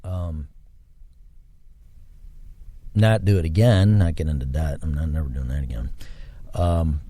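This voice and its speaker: A man's voice: extremely low pitch, a little slow, dark tone. A man hosting a solo podcast, talking in a rambling, reflective way with religious touches. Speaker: podcast host. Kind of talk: solo casual monologue.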